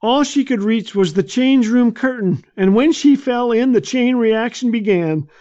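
High-voiced man telling a funny story. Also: unhurried. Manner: anecdotal, gently comic. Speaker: radio devotional speaker. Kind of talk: humorous storytelling. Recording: dull lo-fi.

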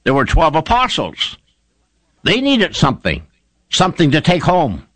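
A male preacher delivers a fervent sermon, his pitch swinging widely as he drives each point home. The voice sits a little high, and the recording is close and dry. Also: huge pitch swings, unhurried, a bit bright, breathy edge, no echo. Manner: fervent, emphatic storytelling with rising exclamations.

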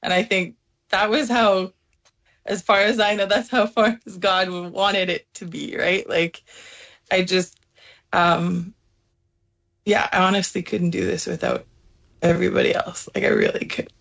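A woman, a voice teacher, answering an interview in a rambling, halting way with many fillers. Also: mid-range voice, level tone, gravelly, a bit bright.

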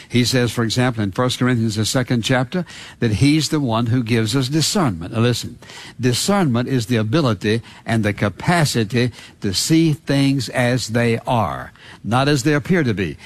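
A man's voice: medium pitch, dry recording. Emphatic preacher man, keeps saying listen. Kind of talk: radio sermon.

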